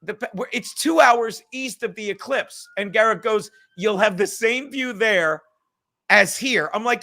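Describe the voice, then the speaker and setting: Male stream host, high bright voice, profane and rambling. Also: measured pace. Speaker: livestream host. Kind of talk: livestream chat.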